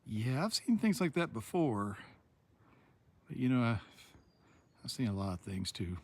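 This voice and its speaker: A man's voice: medium pitch, very animated, a little slow, long pauses, a little mellow, slightly rough. A man telling wry, rambling stories as he walks a forest trail, recording outdoors. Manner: chatty, wry storytelling. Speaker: hiker and vlogger. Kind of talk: rambling walking vlog.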